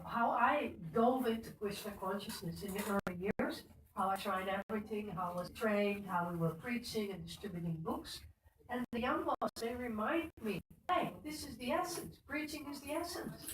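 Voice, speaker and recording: A middle-aged woman giving an informal devotional talk at a temple and speaking to listeners by name. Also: a little high. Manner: conversational, addresses listeners by name. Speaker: speaker at a temple Sunday program. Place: temple hall. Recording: echoey room, speaker far from mic, faint noise.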